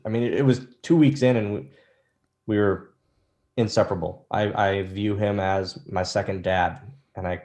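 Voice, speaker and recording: Low-voiced man telling rambling anecdotes. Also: a little mellow. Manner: rambling, self-deprecating anecdotes with many restarts. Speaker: interview guest. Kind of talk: casual storytelling interview.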